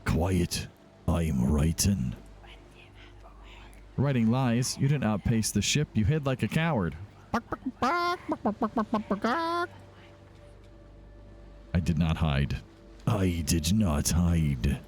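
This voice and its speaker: A proud, stubborn pirate captain growls his lines in a deep, dragged-out drawl, as a man puts him on. The voice sits well below a normal speaking pitch. Faint game music plays beneath him. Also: very animated, slow pace, pauses often, darkish tone, exaggerated voice. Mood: defensive.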